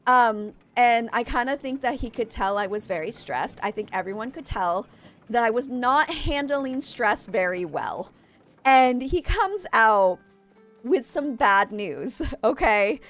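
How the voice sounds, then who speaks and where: Chatty higher-voiced woman streamer. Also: animated, unhurried, faint music behind. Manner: rambling, chatty, heavy use of "like" and "um"; greets and thanks chat warmly. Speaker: game streamer. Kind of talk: casual live-stream chat and storytelling.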